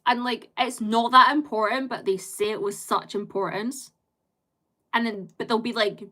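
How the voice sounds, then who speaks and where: A woman's voice: a little high, steady tone, moderate pace, bright, forceful tone. Rambling woman live streamer. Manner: rambling, filler-heavy, swears freely. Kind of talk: casual live-stream chat.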